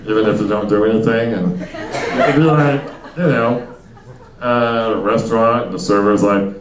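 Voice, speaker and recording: A man's voice: on the low side, normal speed. A young man doing a stand-up comedy set, rambling loosely with lots of fillers and chatting with the crowd. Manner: rambling, loose delivery with many fillers and asides. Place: comedy club stage before a small audience. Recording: echoey room, miked from a distance.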